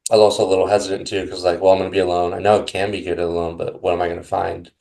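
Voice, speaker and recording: A young man appearing as a podcast guest, reflecting on his past in a halting, casual way, full of restarts and little hedges. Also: sits low, little pitch movement, creaky, a little mellow.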